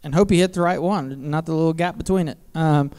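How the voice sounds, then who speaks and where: Crude deadpan stand-up comic, smooth voice. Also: male voice, a little high, fairly quick. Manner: crude, deadpan storytelling with self-mocking asides. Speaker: stand-up comedian. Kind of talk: stand-up comedy set. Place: comedy theater stage. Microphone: handheld stage mic.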